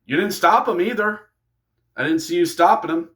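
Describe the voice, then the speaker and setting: A man voicing a domineering male wrestling chieftain in a low, menacing mafia-like voice. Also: moderate pace, a bit bright.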